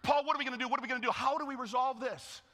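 A man preaching a sermon who voices a young slave girl and Silas in a high, excited, squealing voice. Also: fast talker, heavily acted. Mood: exasperated. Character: possessed slave girl, taunting then joyful. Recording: echoey hall.

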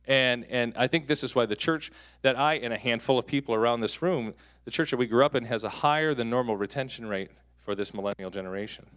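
A man in his thirties preaching a sermon as a pastor. He tells stories with jokes and breaks into sudden loud peaks. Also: mid-range voice, fast, few pauses. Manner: animated, joking storyteller with sudden loud peaks. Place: church hall.

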